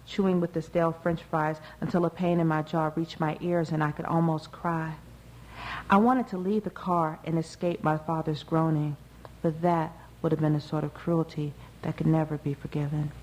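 A woman reading a first-person novel aloud in a measured, even way. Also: low voice, a little hiss or hum, rough recording. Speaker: audiobook narrator. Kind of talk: first-person literary narration.

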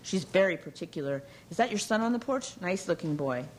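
A woman's voice: fairly low pitch, lively intonation, brisk, slight background noise, close to an everyday voice. A woman voicing a nervous, fashion-conscious young newlywed hostess who chatters and pries. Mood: anxious.

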